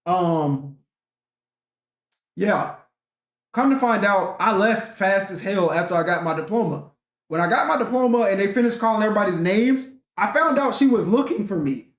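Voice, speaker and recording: A man's voice: sits high, lively intonation, moderate pace. A young man telling a profane, rambling story in a casual rant vlog, talking animatedly and swearing often. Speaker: vlogger. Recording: echoey room.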